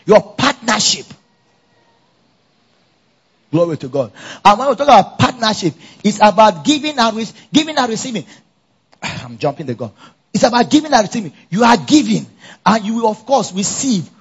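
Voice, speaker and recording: A man with a high, slightly husky voice preaches at a church conference, energetic and full of call-and-response. He keeps tossing questions to the congregation and filling in the answers. The recording is dull and lo-fi. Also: fairly quick. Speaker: pastor. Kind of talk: sermon.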